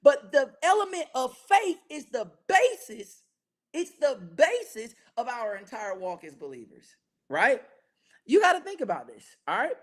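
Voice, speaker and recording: A man's voice: very high-pitched, a little slow. A man teaching an interactive Bible study, keeping check on his listeners with frequent "right?" and leading call-and-response. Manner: energetic, keeps checking in with listeners.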